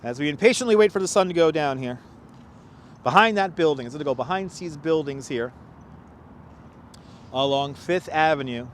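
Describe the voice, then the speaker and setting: A man's voice: a little high, expressive, moderate pace, long pauses, a little hiss or hum. A man hosting a casual walking livestream outdoors in a city park, chatting and laughing as he answers viewer comments through a clip-on mic. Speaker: livestream host and tour guide. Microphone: wireless clip-on mic.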